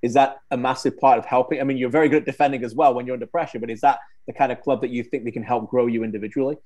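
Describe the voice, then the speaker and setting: A man's voice: mid-range voice, fairly even intonation, very fast, darkish tone. A man hosting a sports interview, asking encouraging, leading questions.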